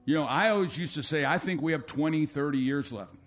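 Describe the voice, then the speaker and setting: Preaching briskly with faint music behind him, a male pastor alternates loud, climbing calls with soft, low pleas. He dramatizes quotes and leads an altar call.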